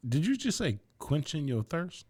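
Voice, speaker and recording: A man's voice: on the high side, sing-song, normal speed, darkish tone, slightly rough. A man co-hosting a podcast in casual chat, teasing his partner and laughing often. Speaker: podcast co-host.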